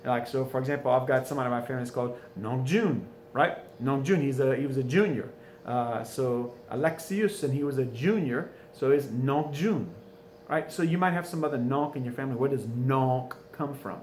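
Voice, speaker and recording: A man's voice: mid-range voice, a little fast, a little mellow. Patient teacher man in an echoey room. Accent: South Louisiana. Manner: patient, asks questions and answers them himself. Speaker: French teacher. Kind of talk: recorded classroom lesson going over answers. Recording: echoey room, faint ambient noise.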